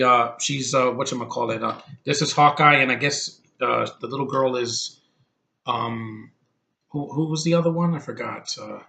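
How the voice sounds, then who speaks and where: A man's voice: mid-range voice, creaky, bright, forceful tone. A man giving a casual, rambling movie review, blunt and opinionated, swearing freely and stumbling over fillers and restarts. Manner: halting, with many fillers and restarts.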